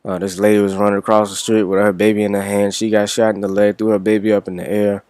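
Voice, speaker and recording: A man's voice: fairly low pitch, flat delivery, fast, darkish tone, clean tone, dry recording. A young man from Washington, D.C., telling a story in a casual, rambling way with plenty of swearing. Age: young adult. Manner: rambling, profane, laid-back. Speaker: reaction vlogger.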